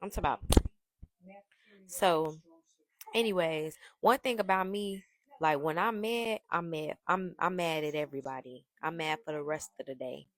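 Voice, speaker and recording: A woman tells a storytime in a brash, profane, animated way. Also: low-pitched, moderate pace, dry recording. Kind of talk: casual storytime.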